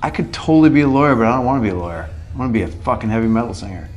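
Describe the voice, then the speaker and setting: Crude, boastful rock singer. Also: male voice, mid-range voice, animated, rapid-fire, muffled recording. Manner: crude, boastful, mock-serious. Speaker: band's singer. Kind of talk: joking backstage interview. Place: backstage at a venue.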